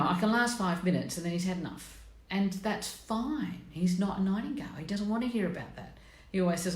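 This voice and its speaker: A middle-aged woman hosting a live stream, chatting bluntly and with self-mockery, greeting her viewers by name. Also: low voice. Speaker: host of a personality coaching live stream. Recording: echoey room.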